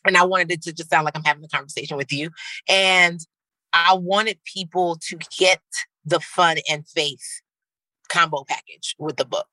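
Bright, animated woman from Nigeria. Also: normal speed, no room sound, rough recording. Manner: animated and slangy, laughing often, leaping up in pitch. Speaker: guest, comedian and actor. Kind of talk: casual interview chat.

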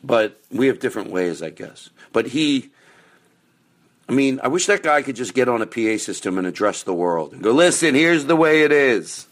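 A man hosting a podcast, rambling casually through plans and announcements, now and then erupting into loud profane rants. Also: medium pitch, animated, normal speed. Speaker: podcast host.

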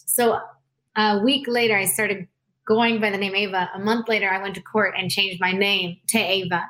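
A woman singer, a guest in a casual interview, telling stories with animated energy, lots of "like" and quick laughs. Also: mid-range voice. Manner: animated storyteller, frequent "like", laughs a lot; acts out quoted voices.

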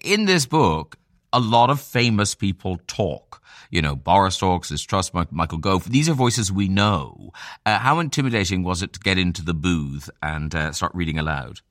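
Lively, low-voiced male host. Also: moderate pace, dry recording, studio quality. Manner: chatty, playful questioning. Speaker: podcast host. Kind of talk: interview questions.

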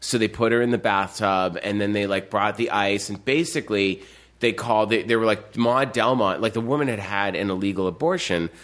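A man with a fairly low voice telling anecdotes in a relaxed conversation. He rambles from one detail to the next, and his sentences are full of fillers and restarts. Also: brisk. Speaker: podcast co-host telling stories. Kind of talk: casual chat.

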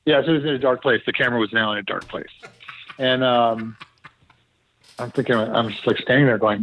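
A man, a former TV producer, tells a story in a relaxed, animated way and acts out the dialogue. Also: medium pitch, fairly quick, dull audio. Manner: animated, quotes others in reported dialogue. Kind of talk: casual anecdotal storytelling.

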